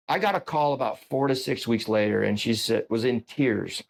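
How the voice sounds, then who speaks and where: A man's voice: mid-range voice, fairly even intonation, normal speed, creaky, slight background noise. Man hosting a rambling chatty podcast. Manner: rambling storyteller with many restarts. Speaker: podcast host. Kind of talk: casual interview conversation.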